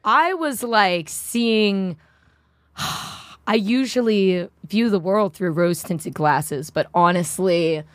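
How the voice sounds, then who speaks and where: A young woman, co-hosting a podcast and telling a long story in a rambling, animated way. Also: mid-range voice, takes it slowly, dry recording. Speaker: podcast co-host. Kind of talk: casual comedic chat.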